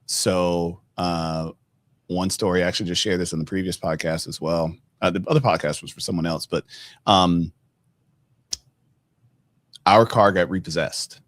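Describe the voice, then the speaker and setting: Middle-aged podcast host guy, really low voice, dry close sound, chatty storytelling with lots of ums. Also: normal speed, pauses often, no echo. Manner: conversational, many fillers, animated when retelling. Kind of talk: casual storytelling.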